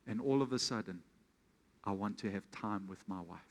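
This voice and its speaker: A man's voice: fairly low pitch, moderate pace, long pauses, a little mellow. A man preaching a sermon as pastor, calling out questions to his congregation and telling an everyday story as an example. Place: church hall with congregation. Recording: long reverb of a church hall.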